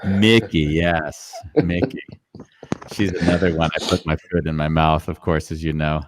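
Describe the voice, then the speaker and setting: Chatty low-voiced male host. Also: fairly even intonation, moderate pace, a little hiss or hum. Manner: chatty, rambling, many fillers. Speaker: podcast host. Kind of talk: live casual interview.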